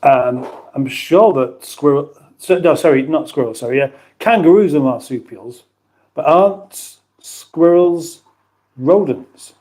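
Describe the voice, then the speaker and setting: Mellow rambling British man on a livestream. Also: on the high side, a little slow. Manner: rambling, chatty, self-mocking. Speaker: livestream host. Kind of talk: casual livestream chat, reading viewer comments aloud.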